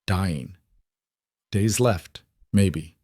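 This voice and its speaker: A man reading a story aloud in a measured, even way. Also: low-pitched, dry recording, studio quality. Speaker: narrator. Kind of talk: scripted story narration.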